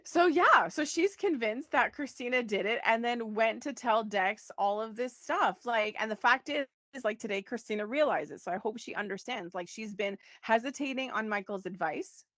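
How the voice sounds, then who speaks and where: A woman co-hosts a podcast, casually recapping a soap opera, quoting characters and laughing often. Her fairly high, slightly bright voice is animated, at a normal speed with hardly any pauses, and there's no echo.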